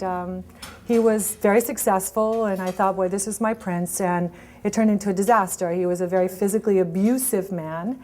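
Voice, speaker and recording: A middle-aged woman speaks to an audience about her early struggles, her voice rising and falling as she acts out what people said to her. She talks in looping, unscripted sentences full of restarts. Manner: animated storytelling with many restarts, acting out quoted lines in a higher voice. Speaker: speaker at a networking event. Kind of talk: personal storytelling talk.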